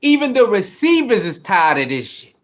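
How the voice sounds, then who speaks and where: A man's voice: sits high, big pitch swings, normal speed. Fired-up man ranting about football. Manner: fired-up, profane, repetitive. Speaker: sports commentator. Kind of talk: heated sports commentary rant.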